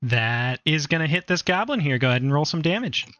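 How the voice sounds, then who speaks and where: A man's voice: a little high, animated, fairly quick, a bit bright, no room sound, muffled recording. A man running a tabletop game as game master, playful and teasing, often laughing.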